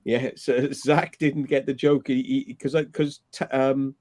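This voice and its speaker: A man's voice: mid-range voice, little pitch movement, a little slow, a little mellow, dry recording. Man telling crude stories, dry sound. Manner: rambling, profane storytelling with frequent laughs. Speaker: livestream host. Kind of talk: casual late-night chat.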